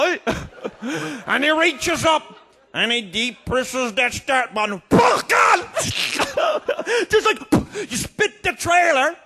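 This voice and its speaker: Guy spinning a tall tale, really high pitched, loud and bouncy, laughs as he goes. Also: gravelly. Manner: boisterous, often shouting, chuckling through his lines. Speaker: comedian storyteller. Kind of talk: tall-tale comic monologue.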